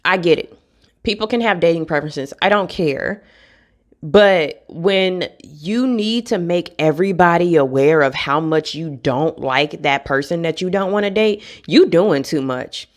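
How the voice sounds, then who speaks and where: A woman's voice: on the low side, expressive, unhurried. A young woman, speaking bluntly and with frustration in a candid vlog rant, swearing freely. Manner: blunt, frustrated, profane, laughs between points. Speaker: vlogger.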